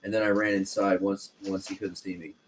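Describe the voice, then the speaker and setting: A man's voice: low voice, level tone, a little fast, a little hiss or hum, low-quality recording. A man in casual chat, eagerly jumping in with his own prank stories. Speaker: podcast co-host. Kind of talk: casual storytelling.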